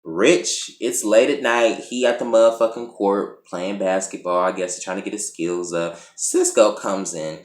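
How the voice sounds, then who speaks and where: A man giving a casual, profane and animated recap of a TV episode as a reviewer. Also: deep voice, a little slow, hardly any pauses. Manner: profane, animated, acts out quotes. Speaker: TV show reviewer. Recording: echoey room.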